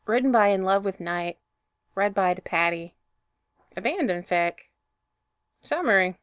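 Lively woman reading a story aloud. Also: mid-range voice, normal speed, smooth, no echo, clean studio sound. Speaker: fan fiction reader. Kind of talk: storybook narration.

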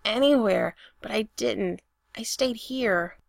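A woman's voice: on the high side, slow pace, gravelly, dry recording, studio quality. A woman voicing an insistent, bewildered young man who pleads with urgency. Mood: earnest pleading.

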